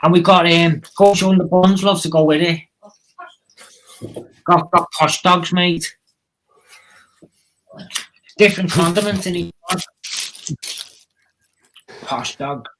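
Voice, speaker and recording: A man's voice: high voice, fairly even intonation, takes it slowly, long pauses, a bit bright, slight background noise, poor audio. A man hosting a live stream, rambling in an easygoing way and chuckling between points. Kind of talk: casual chat.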